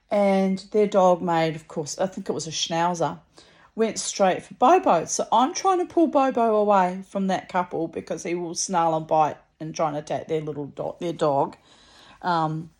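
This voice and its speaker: A woman's voice: on the low side, darkish tone. A middle-aged woman, casually telling a rambling story with many asides. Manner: rambling and chatty, full of asides. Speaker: vlogger.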